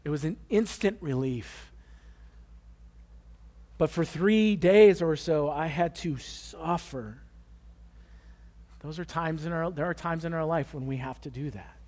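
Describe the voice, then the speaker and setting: A man's voice: fairly high pitch, measured pace, pauses often, darkish tone. A man preaching a conversational sermon, telling a personal story and joking with the congregation. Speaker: pastor.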